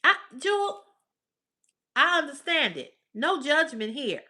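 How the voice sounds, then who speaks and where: A woman's voice: high-pitched, sing-song, unhurried, bright, forceful tone. A woman hosting a livestream, talking back to her chat in casual, blunt, profane commentary. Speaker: livestream host.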